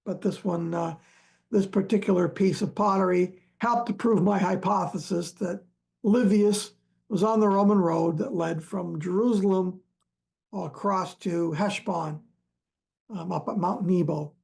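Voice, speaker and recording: A man, an archaeologist, telling stories from his digs in a relaxed, halting way, full of fillers and small chuckles. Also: high voice, vocal fry. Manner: halting, many fillers and restarts, chuckles often. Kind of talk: relaxed storytelling chat.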